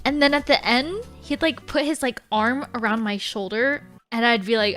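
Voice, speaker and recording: A woman streamer casually telling stories in an animated way, saying "like" constantly. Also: sits high, moderate pace, soft background music. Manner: animated, heavy use of 'like'. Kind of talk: casual storytelling.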